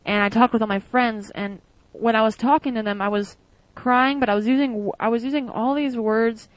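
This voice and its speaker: A woman's voice: fairly high pitch, steady tone, moderate pace, no echo, low-quality recording. A young woman from the United States tells stories casually in an interview, chatty with many fillers and with quoted voices acted out. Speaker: former exchange student.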